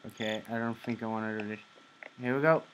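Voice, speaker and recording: A man's voice: on the low side, steady tone, fast, clear, resonant tone, rough recording. A young man commenting on a horror game as he plays, jumpy, muttering to the game and then shrieking at scares. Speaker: gamer.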